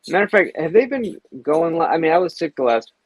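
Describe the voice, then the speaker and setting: A man's voice: a little high, sing-song, quick pace, no echo. A man hosting a casual live stream, chatting in a laid-back way. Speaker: host.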